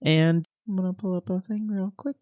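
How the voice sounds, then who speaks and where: A man's voice: high voice, steady tone, moderate pace, a little mellow, dry recording. A man co-hosting a comedy podcast, chatting casually and making self-deprecating jokes with frequent laughs. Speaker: podcast co-host. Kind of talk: casual chat.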